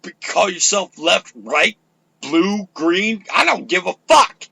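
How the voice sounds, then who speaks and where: An older man hosting an internet radio talk show, ranting loudly and profanely with fiery energy. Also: sits high, lively intonation, slow pace, creaky, breathy edge, dry recording.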